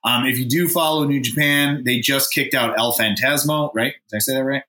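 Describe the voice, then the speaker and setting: A man's voice: mid-range voice, steady tone, a little fast, sharp tone, reverberant, a little hiss or hum. A man co-hosting a casual podcast chat, stumbling over names, laughing at himself and swearing freely. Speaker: podcast co-host.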